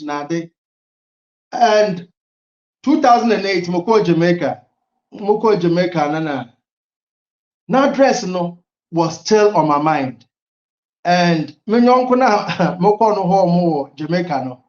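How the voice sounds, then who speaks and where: A man's voice: high voice, a little slow, roomy sound, dull audio. A middle-aged man from Ghana with a Ghanaian accent, telling stories as an interview guest, mixing languages and laughing often. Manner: mixes languages, laughs often, animated storytelling. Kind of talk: casual interview talk.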